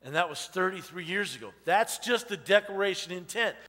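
Pastor, man, fifties, high and bright, folksy storytelling sermon in a reverberant church hall. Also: lively intonation, a little fast. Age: 50s. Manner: personal storytelling, many "you know" asides. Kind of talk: conversational sermon. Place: church sanctuary.

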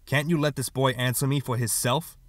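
A man's voice: mid-range voice, fairly even intonation, a little fast, no echo, lightly acted. A man voicing an angry, stern father, questioning harshly and scolding. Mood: accusing.

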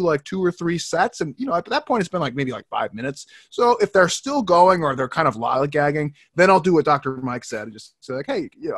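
A man's voice: a little high, a bit bright, no echo, studio quality. A man co-hosting a fitness webinar in casual chat, easygoing and detailed as he explains his approach. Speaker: webinar co-host.

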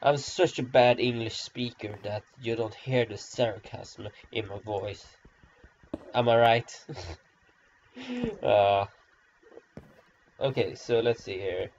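A man's voice: medium pitch, very animated, slow, long pauses, darkish tone, slight background noise. A man rambling through gameplay commentary, self-deprecating and sarcastic, in a dull lo-fi recording. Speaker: gamer.

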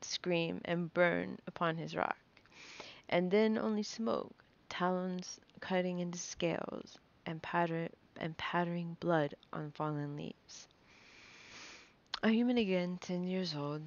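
A woman reads a fantasy novel aloud in a low, gravelly voice, nervously stumbling and restarting words. The recording sounds dull and lo-fi. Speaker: reader.

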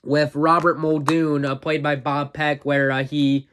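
A man's voice: on the high side, flat delivery, measured pace, a bit bright, slight background noise. A man casually recapping a favorite movie as a reviewer, rambling and full of fillers, an eager fan. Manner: rambling plot recap, full of "uh" and "you know"; enthusiastic fan, chuckles often.

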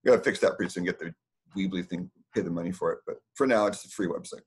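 A man's voice: sits low, quick pace. A middle-aged man hosting a casual community talk from his house, rambling and digressing as he explains.

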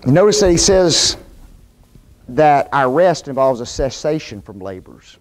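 A man teaching a Bible class sermon in a church, folksy and animated, often asking the class questions. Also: mid-range voice, measured pace. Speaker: preacher.

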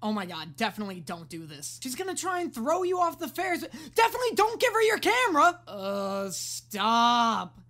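Excitable woman yelling at the screen. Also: on the high side, moderate pace, hardly any pauses. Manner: excitable, sarcastic, swears freely, often yelling at the screen. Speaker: reaction video host. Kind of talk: casual reaction commentary.

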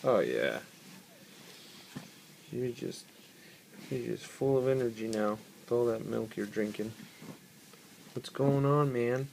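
A man's voice: medium pitch, fairly even intonation, a little slow, gravelly, long pauses, a little mellow, slight background noise. A man vlogging in a hospital room as a new father, joking and teasing in casual chat.

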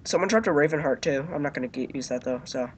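A man's voice: a little high, quick pace, slight background noise. A man hosting a let's-play video, talking in casual, joking banter with a hyped, goofy delivery over a headset mic. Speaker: gaming channel host.

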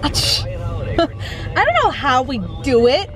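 A woman's voice: high voice, big pitch swings, very slow, music in the background, a crowd in the background, low-quality recording. A young woman in a casual, chatty vlog, talking upbeat and exclaiming, filmed on a handheld camera in a car. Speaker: vlogger. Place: in a car on the road. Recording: clear road and traffic noise.

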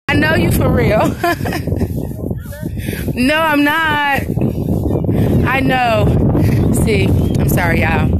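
A woman giving casual, upbeat live commentary on her phone while walking around an outdoor park event, laughing often. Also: fairly high pitch. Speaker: live-streamer at a community event. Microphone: phone camera, live stream. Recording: outdoor noise behind.

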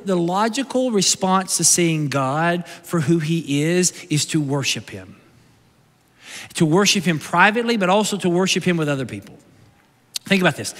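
High-voiced, bright preacher in a hall. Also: male voice. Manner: conversational preaching, swings between loud bursts and hushed lines. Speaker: pastor. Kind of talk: sermon. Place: large church sanctuary. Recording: live sermon in a reverberant sanctuary.

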